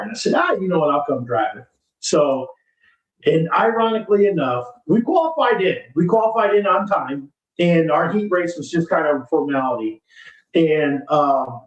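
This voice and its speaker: A man hosting a podcast, chatting casually, reading sponsor ads and swearing freely with frequent laughs. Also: fairly high pitch. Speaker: podcast host. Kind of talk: casual chat and live sponsor reads. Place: home studio in a new house. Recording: echoey room, distant mic.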